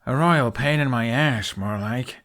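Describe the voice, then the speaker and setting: A man reading an audiobook, voicing a sarcastic, deadpan young chief. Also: mid-range voice, a little slow. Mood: dry sarcastic. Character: young male dragon-riding chief, sarcastic.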